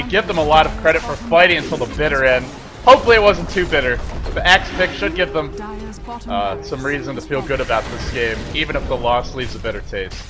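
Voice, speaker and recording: A man calls a live esports match in a slightly raised voice, excitable and quick to break into shouts and laughter. Music plays clearly behind his commentary. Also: on the high side. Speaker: esports caster.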